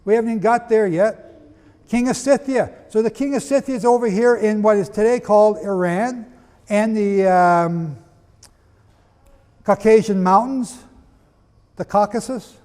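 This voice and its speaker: Male preacher, high voice, emphatic and questioning, long hall reverb. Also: unhurried, pauses often, darkish tone. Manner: emphatic, asks the audience questions. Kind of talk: preaching lecture with readings.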